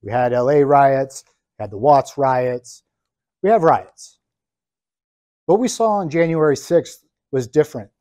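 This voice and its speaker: A man, a business coach, lecturing business students in an emphatic, deliberate way, ticking through his points one at a time. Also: mid-range voice, dark tone, no echo.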